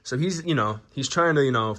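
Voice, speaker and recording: A man's voice: medium pitch, lively intonation, brisk, a bit bright. A young man casually recapping a movie, rambling and swearing as he goes. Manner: rambling, profane, conversational. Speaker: movie reviewer.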